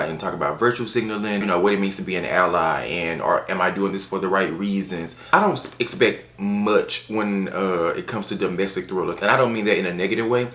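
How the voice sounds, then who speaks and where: A man casually reviewing books on his channel, chatty and animated, with playful asides. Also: sits low, brisk, hardly any pauses, echoey room. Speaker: book reviewer. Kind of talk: casual book review vlog.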